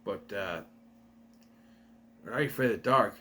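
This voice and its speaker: A man's voice: lowish voice, a little slow, sharp tone, a little hiss or hum. A young man giving a casual, rambling review, recapping a plot and correcting himself as he goes. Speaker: video reviewer.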